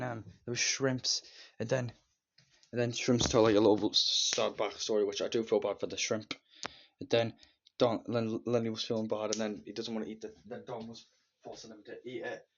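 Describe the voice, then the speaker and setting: A man talks through a film in a loose, rambling way, piling up one "and then" after another. His voice sits at an ordinary middle pitch, and the recording sounds a little dull and lo-fi. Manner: rambling, strings scenes together with "and then"; briefly acts out characters' lines with silly voices. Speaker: film reviewer. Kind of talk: casual movie review.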